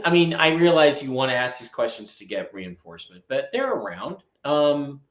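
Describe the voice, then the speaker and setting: A man hosting a casual talk show, expressive and quick to react. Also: mid-range voice. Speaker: host. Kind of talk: casual chat. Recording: roomy, dull lo-fi sound.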